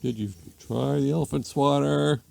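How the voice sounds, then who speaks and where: A man's voice: medium pitch, steady tone, normal speed, creaky, darkish tone, a little hiss or hum, voice pushed up. A man voicing a puzzled husband who asks his wife mild questions.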